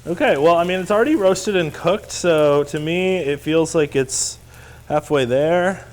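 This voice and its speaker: A man's voice: a little high, a little slow, a little mellow. A man teaching a live cooking class in a kitchen, chatty, upbeat and self-deprecating, over the sound of sizzling pans and clattering cookware. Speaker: cooking instructor. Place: kitchen studio. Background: sizzling pan and clattering cookware.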